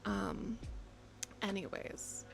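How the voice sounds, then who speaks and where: A woman in her twenties chatting casually to her live-stream audience, rambling and self-mocking, with sudden loud excited bursts. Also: extremely slow. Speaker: game streamer. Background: faint background music.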